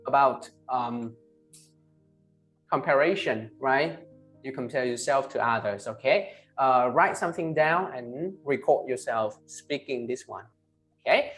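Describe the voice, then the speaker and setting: Vietnamese-accented man drilling English words. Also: a little high. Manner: ends phrases with tag questions "right?" and "huh?"; slow, emphatic model pronunciations. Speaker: English teacher. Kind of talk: online class, pronunciation drilling.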